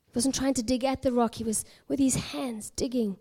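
A high-voiced woman from South Africa preaches by telling a parable. Her delivery is expressive and dramatic, and she sometimes drops to a near whisper for emphasis. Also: normal speed, husky. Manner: expressive, dramatic storytelling with hushed whispered moments. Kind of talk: sermon storytelling.

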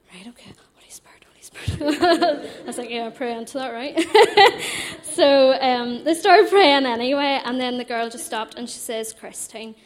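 Young Northern Irish woman, personal testimony, animated and chatty, slightly high register. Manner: animated, chatty, laughs often.

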